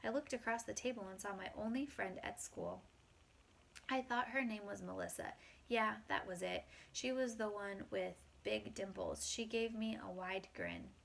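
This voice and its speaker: A woman reading a first-person children's story aloud in a plain, unhurried way. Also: mid-range voice, animated, vocal fry. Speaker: audiobook reader.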